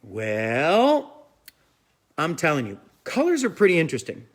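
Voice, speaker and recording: A man's voice: a little high, huge pitch swings, unhurried. A man hosting a fishing live stream, chatting casually and rambling as he answers viewers' questions. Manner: rambling, chatty, repeats "I'm telling you".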